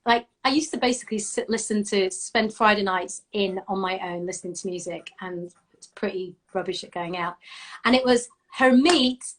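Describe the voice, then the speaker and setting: A woman from Bradford with a Yorkshire accent, chatting casually on a live video call and telling lively stories, swearing now and then. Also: medium pitch, normal speed. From Bradford, England. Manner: lively storytelling, swears freely. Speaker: interview guest. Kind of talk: casual chat. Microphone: phone or laptop on a live video call.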